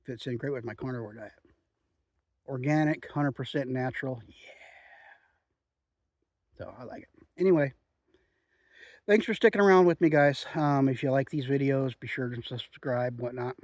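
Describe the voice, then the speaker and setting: A man chatting in a relaxed, rambling way outdoors in the woods while reviewing a chew. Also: mid-range voice, normal speed, pauses often, dry recording. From Oregon. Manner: chatty, relaxed, frequent "um" and "you know". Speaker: outdoor vlogger reviewing chewing tobacco. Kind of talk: rambling casual monologue.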